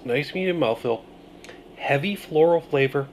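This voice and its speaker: A man reviewing a beer on his video channel, musing through his tasting notes with pauses and thoughtful hums. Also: mid-range voice, big pitch swings, slight background noise. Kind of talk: casual beer review vlog.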